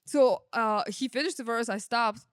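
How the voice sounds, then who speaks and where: A young woman with a fairly high voice speaks at a moderate pace, recorded cleanly in a studio with no echo. She's a sound engineer who isn't a native English speaker, and she tells stories in a relaxed podcast conversation, laughing a lot and filling her speech with fillers.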